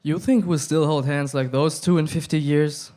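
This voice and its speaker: A man's voice: a little high, fairly even intonation, moderate pace, dark tone, pitched above the performer's own voice, lightly acted. A young man with a German accent reading the lines of a brash, crude young man.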